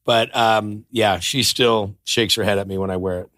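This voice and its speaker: A man's voice: lowish voice, moderate pace, no echo, clean studio sound. A middle-aged man, a podcast guest, telling stories in casual chat and acting out the people he quotes. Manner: animated storyteller who acts out quoted voices. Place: podcast studio.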